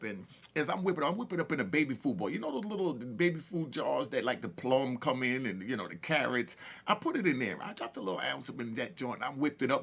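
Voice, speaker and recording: A man with a gravelly, husky voice tells long street stories in a loose, rambling way. His pitch moves around a lot as he talks, and he keeps checking in with "you know what I mean". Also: a bit bright. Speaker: reaction video host. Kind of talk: casual storytelling.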